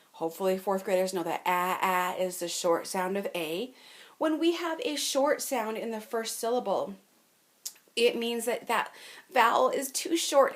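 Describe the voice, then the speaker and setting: Sing-song woman teaching children from home. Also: mid-range voice. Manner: patient, sing-song explaining with stretched-out sounds. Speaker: fourth grade teacher. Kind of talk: remote lesson to children.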